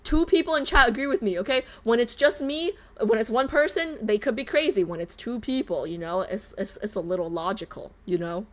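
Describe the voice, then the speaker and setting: A woman streamer chatting casually while reacting to a game, animated and emphatic, swearing freely and repeating herself. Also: on the high side, fairly quick, hardly any pauses. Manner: swears casually, reads chat aloud.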